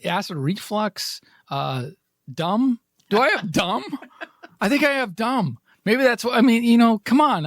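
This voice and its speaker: Male podcast host, raspy, a touch high, dry close sound with faint music under him, loose self-mocking ramble. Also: a bit bright, dry recording. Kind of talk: casual rambling chat.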